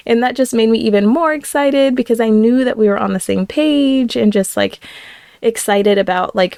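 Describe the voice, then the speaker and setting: A woman in her thirties tells a personal story on her podcast in a chatty, animated way. Her voice is smooth with a gravelly edge of fry. The recording is dry and close. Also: mid-range voice, no room sound. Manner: chatty, animated retelling with quoted voices and laughs. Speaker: podcast host.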